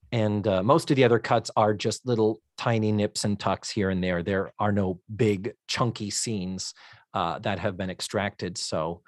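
An animated podcast co-host talks through a TV episode in casual, exasperated chat, cursing along the way. The voice sits at a middling pitch in a dry, close sound with no room around it. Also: no room sound. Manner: animated, exasperated, swears freely.

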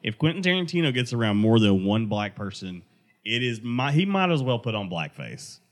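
A man's voice: mid-range voice, sing-song, normal speed. A young Southern American man chatting casually on a podcast, laughing often and swearing as he acts out quotes. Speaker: podcast host. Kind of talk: casual chat.

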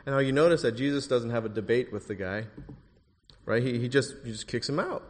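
A man preaching a sermon in a church, emphatic, rising to forceful bursts on key phrases. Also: mid-range voice, brisk, in a large hall.

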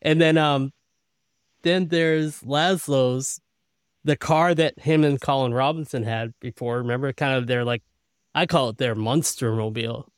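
A man with a smooth, resonant voice at middle pitch chats casually on a podcast and chuckles as he adds details. He sounds dry and close to the mic. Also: measured pace, no echo. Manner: chuckling, adds details in loose run-on sentences. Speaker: podcast co-host. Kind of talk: casual episode recap chat.

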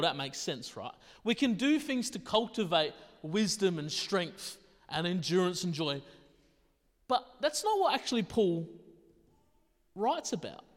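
Male pastor with a high voice, conversational sermon full of rhetorical questions, recorded in a hall with long reverb.

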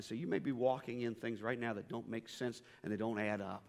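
A man's voice: mid-range voice, brisk, creaky, darkish tone. Earnest male pastor in a reverberant hall. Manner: earnest, emphatic storytelling with repeated phrases. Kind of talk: sermon. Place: church sanctuary.

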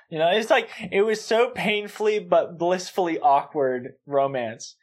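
A man's voice: fairly high pitch, lively intonation, measured pace, hardly any pauses. A man on a casual podcast movie review, gushing and giggling, with lots of fillers. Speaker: podcast co-host.

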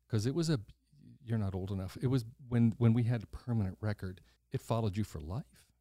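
An older man in his sixties, hosting a podcast, talks in a low, warm, mellow voice. He tells his story bluntly, slipping into the voices of the people in it. The sound is dry and close. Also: a little fast, no echo. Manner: animated storyteller who acts out quoted voices, blunt and swears casually. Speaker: podcast host. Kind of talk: casual storytelling conversation.

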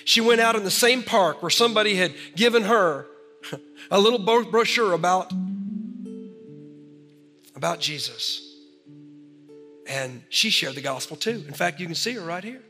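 Animated man preaching in a reverberant hall. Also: high voice, moderate pace, long pauses. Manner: storytelling, animated, ends in prayer. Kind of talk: sermon. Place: church sanctuary. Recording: large hall reverb with faint music.

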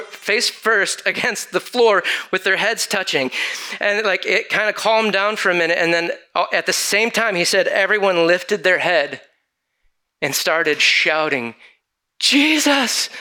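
A man preaching a sermon to an audience, telling a long story and acting out the people in it. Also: high voice. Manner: animated storyteller acting out quoted voices.

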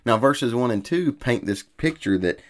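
A man's voice: medium pitch, lively intonation, normal speed. A man preaching a sermon in an earnest, repetitive cadence. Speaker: pastor.

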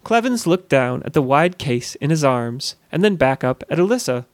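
A man narrating a fantasy audiobook in a measured storytelling manner, on a close studio mic. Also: on the high side, sing-song, no room sound.

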